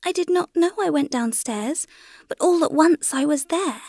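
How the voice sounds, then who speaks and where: A woman's voice: sits high, lively intonation, normal speed, creaky, darkish tone, no echo, clean studio sound, pitched above the performer's own voice. A woman voicing a frightened, homesick little girl in an audiobook, speaking small, trembling and earnest. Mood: timid, tearful. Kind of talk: audiobook character reading.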